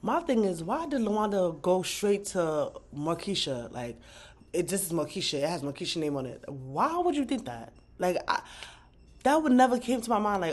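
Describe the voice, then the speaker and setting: A woman giving a casual, animated recap of a TV episode, slangy and profane, breaking into bursts of disbelief. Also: fairly low pitch, normal speed. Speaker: TV recap vlogger.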